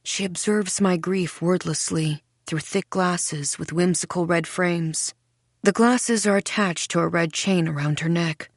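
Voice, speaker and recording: A woman narrating a first-person thriller audiobook in a wry, dark, measured way. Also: fairly low pitch, no room sound, studio quality.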